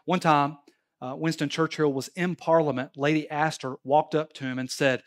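A man's voice: on the high side, normal speed. A male pastor preaching a sermon at a church service, telling stories and pressing his points emphatically. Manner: animated, emphatic storytelling preacher.

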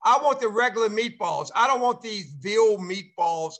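A man's voice: high-pitched, moderate pace. Rambling older man hosting a call. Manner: rambling, excitable, many uh fillers. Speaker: show host, former ballplayer. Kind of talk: casual chat. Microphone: video call.

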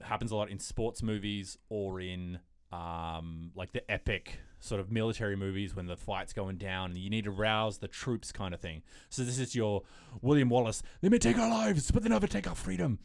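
A man hosting a podcast in casual chat, excitable and rambling, restarting his sentences often. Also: deep voice, normal speed, hardly any pauses, smooth, no room sound, studio quality. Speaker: podcast host.

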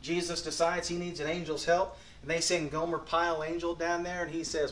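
A man's voice: fairly high pitch, flat delivery, a little fast, few pauses. Folksy, earnest man preaching in an echoey hall. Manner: earnest, folksy, swings between quiet and emphatic. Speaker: pastor. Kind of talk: sermon.

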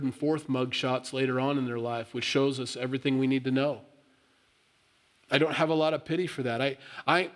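Blunt plain-spoken male pastor. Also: on the high side. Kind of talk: sermon.

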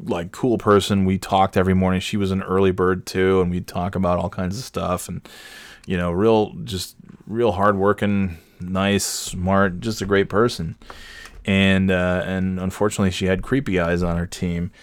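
A man's voice: low-pitched, little pitch movement, moderate pace, no echo. A man telling a rambling, profane workplace anecdote in a casual monologue, full of fillers and growing exasperation. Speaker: storyteller.

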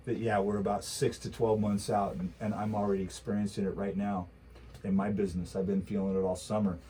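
A man's voice: on the low side, little pitch movement, a little fast, warm tone, a little hiss or hum, low-quality recording. A man talking politics in a casual chat, ranting heatedly with lots of rhetorical repetition. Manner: mocking quoted voices.

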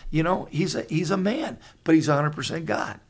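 A man in his sixties, co-host of a Christian talk show, telling stories in an earnest, halting way with many restarts. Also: on the high side, lively intonation. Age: 60s. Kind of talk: conversational storytelling.

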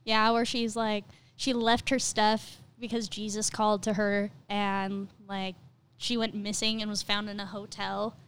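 A woman's voice: mid-range voice, flat delivery, measured pace, fairly bright tone, smooth. A young woman co-hosting a podcast, chatting candidly and giggling as she acts out inner voices. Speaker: podcast co-host. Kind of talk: casual chat.

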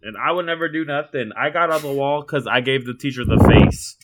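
A man chatting casually over a video call, with wry, deadpan asides. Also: medium pitch, brisk. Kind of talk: casual chat. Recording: loud background noise on a call.

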